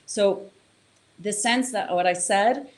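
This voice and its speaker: A woman's voice: mid-range voice, slow pace. A woman who teaches yoga and meditation, explaining in a casual, chatty way and telling a story. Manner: casual, chatty, with fillers and acted-out quotes.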